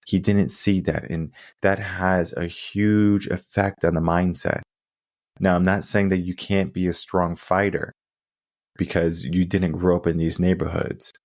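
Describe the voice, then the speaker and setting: A man's voice: low voice, level tone, unhurried, darkish tone, no room sound, clean studio sound. A man hosting a coaching podcast, talking through stories and lessons in an earnest way, often checking in with asides. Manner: earnest storytelling with frequent asides. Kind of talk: solo coaching monologue.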